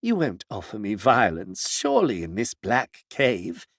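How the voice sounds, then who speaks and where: A proud woman facing death, her voice high and coolly courteous, as a gravelly male reader puts her on. She speaks with gentle reproach and a lively, rising pitch. The sound is close and dry. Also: a little slow, no room sound, heavily acted. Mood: composed.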